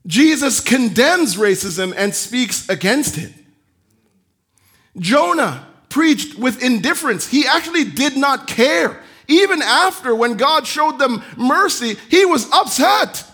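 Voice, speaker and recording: A male pastor preaching a sermon, animated, acting out the voices he quotes and swinging from loud emphasis to quiet, soft asides. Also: extremely high pitch, unhurried.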